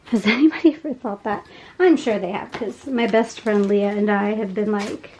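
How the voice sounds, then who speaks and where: A woman chatting casually as she unboxes craft kits, gushing with soft laughs. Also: medium pitch, moderate pace, slight background noise, poor audio. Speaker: unboxing vlogger.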